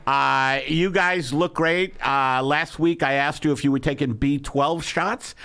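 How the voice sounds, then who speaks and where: Comedy podcast host, male, 60s, New York accent, sarcastic rants, bright tone. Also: fairly high pitch, steady tone, unhurried, smooth. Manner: ranting, shouting swings, sarcastic. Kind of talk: comedic rant.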